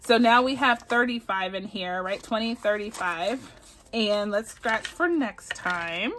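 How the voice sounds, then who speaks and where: This Texas woman's mid-range, fairly bright voice has lively intonation and a slightly slow pace, with a little hiss or hum in the background. She chats casually and giggles on her budgeting channel, counting her savings challenge sums aloud.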